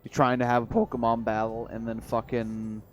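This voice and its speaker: A man's voice: mid-range voice, little pitch movement, faint music behind. A man chatting casually on a stream, rambling and swearing with frequent restarts. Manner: rambling, profane, halting restarts.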